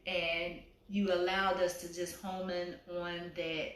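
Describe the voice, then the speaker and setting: A woman's voice: on the low side, level tone, takes it slowly, fairly bright tone, slight background noise. A woman hosting an interview show, chatting casually and often murmuring agreement. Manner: affirming, frequent murmured agreement. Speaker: show host. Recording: echoey room.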